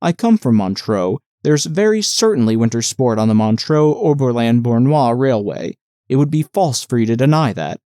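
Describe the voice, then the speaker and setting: A man's voice: medium pitch, very animated, normal speed, warm tone, no room sound, clean studio sound, close to an everyday voice. Pompous nitpicky official dude, insists on everything, voice swoops around , read by a man. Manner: insistent, pedantic. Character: pompous, argumentative male local official.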